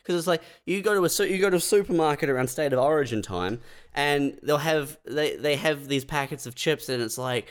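A man's voice: a little high, brisk, clean tone. An Australian man in casual comedic chat on a podcast, ranting with frequent laughs and swearing.

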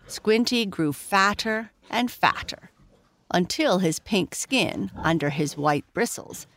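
A woman from Canada reading an old children's story aloud, with gentle asides to the listener. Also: fairly low pitch.

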